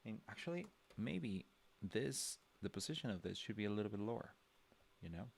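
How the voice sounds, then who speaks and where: A man's voice: fairly low pitch, big pitch swings, normal speed, vocal fry. A man giving a casual livestream drawing lesson, thinking aloud with many fillers and restarts as he sketches. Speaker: drawing instructor.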